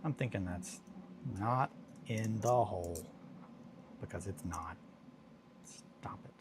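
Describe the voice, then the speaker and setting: Low-voiced guy rambling and joking on a craft stream, faint hum behind. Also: slow pace. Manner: rambling, joking, mutters to himself while working. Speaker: hobby streamer. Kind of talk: casual live-stream chat while crafting.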